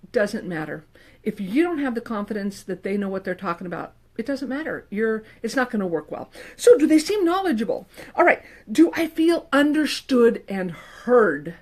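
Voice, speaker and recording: A middle-aged woman counselor talking casually to the camera, animated and emphatic, with playful quoted asides. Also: on the high side, a little fast. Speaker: licensed professional counselor. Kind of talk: casual advice talk to camera.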